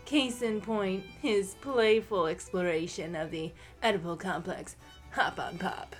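A woman's voice: medium pitch, measured pace, pitched below the performer's own voice, natural voice. A woman doing an overeducated lady scholar with a nasal, lofty delivery. She reads aloud pompously, with a mid-range voice and faint music somewhere behind her. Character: snobby overeducated female literary scholar.

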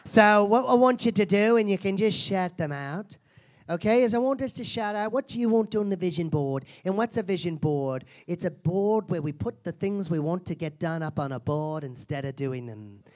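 A man's voice: high-pitched, normal speed, close to an everyday voice. A man performing a brash, foul-mouthed female self-help seminar guru in a live comedy character act, mocking and insulting the audience.

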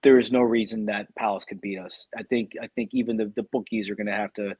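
A man, co-hosting a podcast, giving steady, opinionated football analysis in casual chat. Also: lowish voice, quick pace, slightly rough, no room sound. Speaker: podcast co-host.

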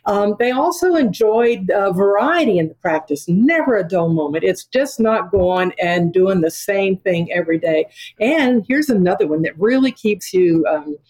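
A woman's voice: medium pitch, animated, normal speed, a little mellow, low-quality recording. An older woman, a podcast guest, talking in an enthusiastic and emphatic way. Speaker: veterinary dean, podcast guest. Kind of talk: conversational interview.

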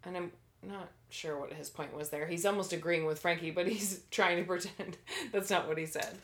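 A woman with a somewhat low-pitched voice talks through a TV episode with a friend. Her delivery is dry and blunt, with sarcastic asides in easy casual chat. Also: normal speed. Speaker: podcast co-host.

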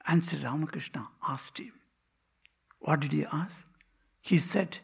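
A man, a monk, telling devotional stories in a spiritual talk, with dramatic pauses and drops to a hushed whisper. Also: on the high side, creaky, slightly rough. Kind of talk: devotional storytelling.

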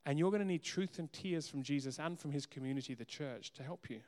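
A man's voice: on the high side, fast. Male pastor preaching in a reverberant hall. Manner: earnest, swings between soft asides and emphatic rises. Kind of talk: sermon.

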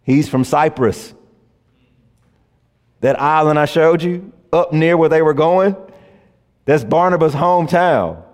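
A man preaching a sermon in a lively, folksy way, swinging between loud emphasis and hushed passages. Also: fairly high pitch, slow, long pauses. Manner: folksy, says y'all. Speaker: pastor. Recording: long hall reverb.

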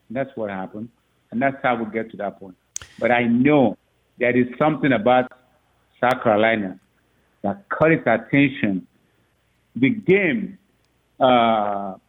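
A father telling a story on the phone, animated and laughing often as he acts out what people said. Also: medium pitch. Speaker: father of a recruit. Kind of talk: phone interview. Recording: tinny phone line.

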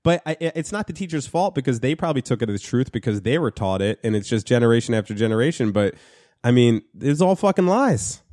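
A man's voice: medium pitch, very animated, fast, mellow, dry recording, clean studio sound. A man in his thirties from the United States, chatting crudely on a podcast, rambling with stammered restarts. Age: 30s. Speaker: podcast co-host. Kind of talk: casual crude banter. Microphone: studio mic.

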